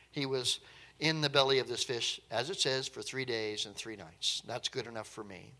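A man's voice: medium pitch, steady tone, normal speed, sharp tone. A man preaching a sermon in a conversational, emphatic way, with light chuckles now and then.

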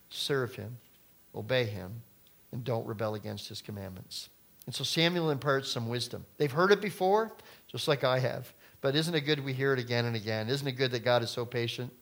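Man, pastor, middle-aged, sermon, casual preaching tone, sudden loud emphasis. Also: medium pitch.

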